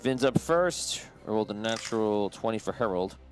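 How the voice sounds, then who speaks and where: A man's voice: lowish voice, animated, normal speed, faint music behind. A man narrating as game master of a tabletop game, talking loosely with many restarts and fillers.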